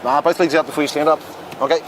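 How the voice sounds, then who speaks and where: A police officer, calm and deadpan while making an arrest outdoors. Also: male voice, a little high, rapid-fire, noisy background. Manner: calm, deadpan, matter-of-fact.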